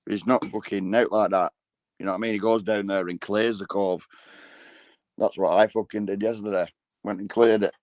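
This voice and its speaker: A hoarse man chats loosely as a livestream host, his voice sitting low. He talks bluntly and swears freely in laddish banter, and the sound is close and dry. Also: fairly even intonation, normal speed, a little mellow, no echo. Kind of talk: casual live chat.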